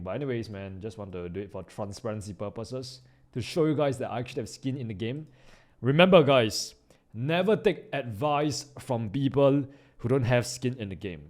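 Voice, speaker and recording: A man giving live trading commentary, slangy and excitable, jumping from loud hype down to low mutters. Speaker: trading YouTuber.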